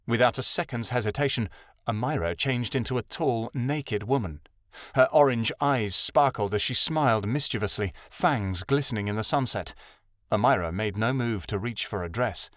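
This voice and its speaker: A man narrating a young adult fantasy audiobook in an even, measured reading. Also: mid-range voice, no echo, clean studio sound. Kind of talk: scripted narration.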